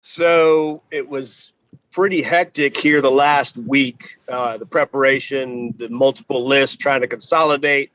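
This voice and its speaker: A man from Texas, guest on a barbecue podcast, chatting in a relaxed way with many pauses, on a video call from outdoors. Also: mid-range voice, no echo, dull audio. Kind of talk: casual podcast conversation.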